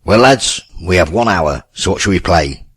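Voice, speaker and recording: A brash, jokey old rock guitarist, as a male narrator plays him. The voice is low and slightly husky, and the recording is dry and close. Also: animated, moderate pace.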